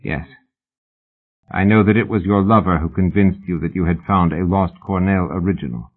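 Male reader as an old, ultra-rich collector: measured, formal, cold; low voice, tinny phone-like sound.

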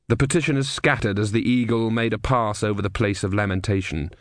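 A man's voice: on the low side, steady tone, brisk, few pauses, no room sound, clean studio sound. A man narrating a comic fantasy audiobook, reading expressively and doing the characters.

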